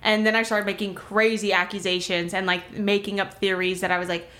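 Fields. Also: female voice, medium pitch, level tone, fairly quick, a bit bright. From Miami, US. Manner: rambling, fills with "like", swears freely. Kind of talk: casual storytelling.

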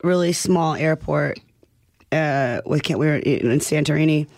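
A woman in her thirties co-hosting a casual chat, quick with dry sarcastic comebacks. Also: sits low, a little mellow, no echo. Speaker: podcast co-host.

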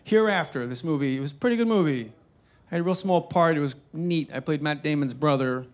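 A man doing stand-up comedy, telling animated, profane, self-mocking stories to a live audience. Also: fairly high pitch, fairly quick. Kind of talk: stand-up storytelling. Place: stage before a live audience. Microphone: wearing a microphone. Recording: live stand-up with faint crowd.

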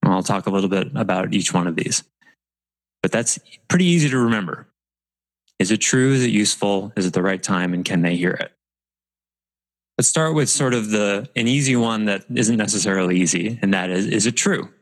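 A man's voice: on the low side, brisk, poor audio. A man giving a casual webcast talk on leadership, conversational and self-correcting, laughing at his own asides. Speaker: leadership coach.

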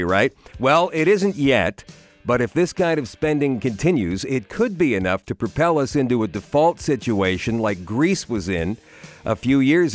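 A Canadian man reads a scripted news commentary segment on the radio, his pitch sitting in the middle. He slips in wry asides between figures. Faint music plays under his voice.

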